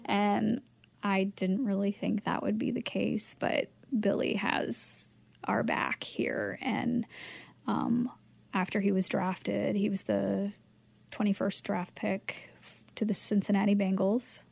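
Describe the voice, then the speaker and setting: A woman guest telling a personal story in casual chat, animated and emotional, jumping up in pitch when she acts out quoted lines. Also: takes it slowly, vocal fry, slightly rough. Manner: emotional, cries easily.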